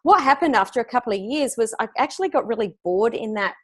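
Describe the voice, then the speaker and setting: Woman, middle-aged, slightly high voice, upbeat and emphatic, interview guest, video call. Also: lively intonation, quick pace. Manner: upbeat, emphatic, laughs easily. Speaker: business coach guest. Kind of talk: casual interview answers.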